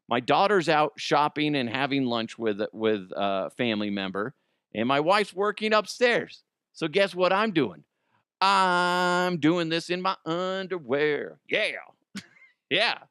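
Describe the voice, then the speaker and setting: Animated, joking man hosting a comedy show. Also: mid-range voice, clean tone, no echo, clean studio sound. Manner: rambling, joking, laughs often. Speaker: podcast host. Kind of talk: comedic news chat.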